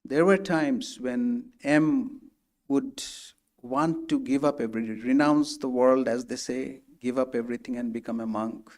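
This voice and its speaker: A man's voice: medium pitch, steady tone, a little slow, a little mellow. A man giving a spiritual lecture as a guest speaker, telling stories in a conversational way, often restarting sentences and acting out the people he quotes.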